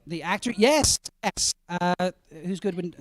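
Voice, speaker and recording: A man hosting a live convention panel, chatty and quick with asides to the audience. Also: high-pitched, dry recording. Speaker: panel host.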